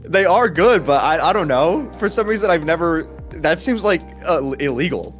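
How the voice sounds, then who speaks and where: A man co-hosting a casual live-stream podcast, animated and laughing often. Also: fairly high pitch, normal speed, faint music behind. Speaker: podcast co-host.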